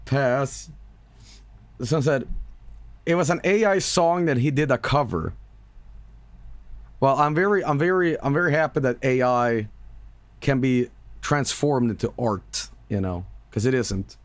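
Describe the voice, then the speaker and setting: A man's voice: medium pitch, measured pace, pauses often, dry recording. A man streaming live and chatting casually with viewers, joking, swearing and sarcastic, with music playing behind him.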